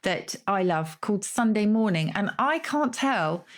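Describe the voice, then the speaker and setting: A woman's voice: medium pitch, lively intonation, unhurried. A woman co-hosting a podcast, talking casually about word origins and asking curious questions. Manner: curious, responsive, asks questions. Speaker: podcast co-host. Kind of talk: casual conversation.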